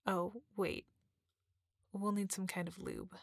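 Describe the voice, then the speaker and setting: A woman in a whispered role-play, speaking softly and teasingly with a husky, breathy voice close to the mic. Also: medium pitch, little pitch movement, dry recording. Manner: soft, teasing, slow and breathy, with frequent murmurs.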